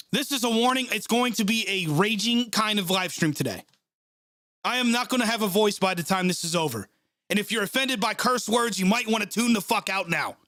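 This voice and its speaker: A sports live-stream host rants heatedly and swears while reacting live to a football game, delivering angry play-by-play. His voice is high with a sharp tone, recorded cleanly in a studio with no echo.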